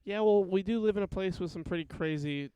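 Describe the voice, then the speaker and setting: A man's voice: sits high, fairly quick, background noise. A young man hosting a podcast in casual chat, sarcastic and swearing freely. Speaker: podcast host.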